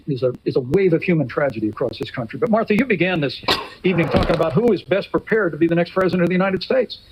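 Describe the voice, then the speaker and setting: A man speaks quickly in a high voice, giving an earnest debate answer. The broadcast audio is noisy. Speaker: debate candidate.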